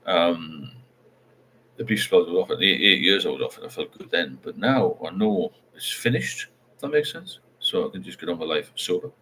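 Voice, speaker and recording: Low, animated and bright with a pushed quality, this older livestream host speaks at a moderate pace against slight background noise. In a relaxed live chat he reads out viewer comments, rambling and speaking candidly, frequently tacking on tag questions.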